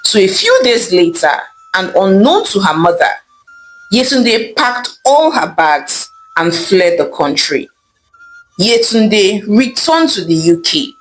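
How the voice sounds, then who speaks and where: A woman narrating a folk tale in a scripted, lively storytelling manner. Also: medium pitch, takes it slowly, faint music behind, low-quality recording.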